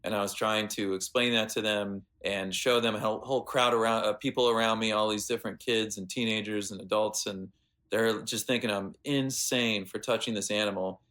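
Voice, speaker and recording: An American man, a veterinarian guest, telling animated stories in a casual interview with plenty of fillers. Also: on the low side, brisk. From United States. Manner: animated anecdotes with lots of fillers.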